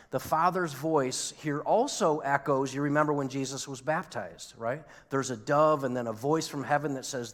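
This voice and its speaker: Pastor preaching in a reverberant church. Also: male voice, medium pitch, fairly bright tone. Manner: conversational preaching with rhetorical questions. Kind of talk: sermon. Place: church sanctuary.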